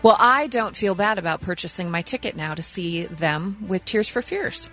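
A woman's voice: medium pitch, moderate pace, a bit bright, soft background music, rough recording. A woman co-hosting a morning radio show, joking and chatty, always looking for a reaction. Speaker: radio co-host. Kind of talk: casual morning radio chat.

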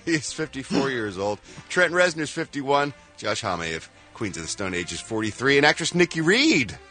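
Man, showbiz news reader, playful, bright tone, lively pitch, faint music under. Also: moderate pace. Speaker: entertainment news reporter. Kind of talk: morning radio show segment.

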